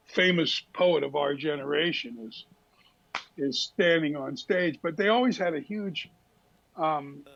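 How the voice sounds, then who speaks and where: An older man with a gravelly, fry-laced voice tells anecdotes on a talk show, slipping into brief impressions. His voice sits a bit high for a man. The recording sounds slightly muffled and lo-fi. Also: a bit bright. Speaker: guest telling stories. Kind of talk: casual storytelling interview.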